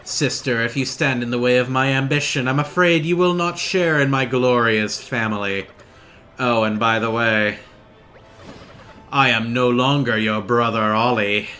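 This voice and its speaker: A man voicing a grandiose male origami king villain, drawing his lines out slowly and theatrically while reading game dialogue aloud. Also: medium pitch, sharp tone, faint music behind. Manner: slow, drawn-out and theatrical.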